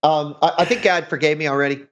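A man's voice: fairly high pitch, fairly even intonation, fast, a bit bright. A middle-aged man co-hosting a podcast, rambling in casual chat with sarcastic, self-mocking humour. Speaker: podcast co-host. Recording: dull lo-fi sound.

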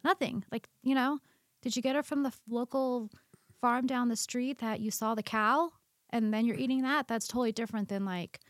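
A woman guest on a podcast interview, talking about diet in an opinionated, animated way. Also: fairly high pitch, normal speed, no room sound, clean studio sound. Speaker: guest nutrition practitioner. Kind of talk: casual conversational interview.

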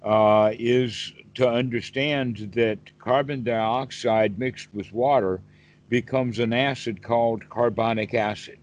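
A man's voice: mid-range voice, fairly even intonation, slow, low-quality recording. A man, a Buddhist teacher, explaining patiently on a one-on-one call and asking rhetorical questions. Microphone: video call.

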